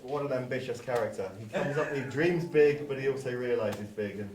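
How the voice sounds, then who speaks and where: A jokey man toasting a friend amid loud guests. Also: medium pitch, a little fast. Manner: jokey, affectionate. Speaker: wedding guest giving a speech. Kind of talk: wedding toast. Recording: roomy hall, distant mic, very noisy. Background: loud crowd of guests.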